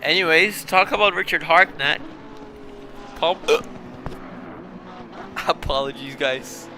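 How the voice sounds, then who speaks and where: A young man calls a sim race live through a bad case of hiccups, his voice sitting fairly high and his delivery slow and drawn out. Between calls he apologises and laughs at himself. Steady engine noise runs under the stream. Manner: flustered, self-mocking, apologetic between calls. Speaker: sim racing commentator.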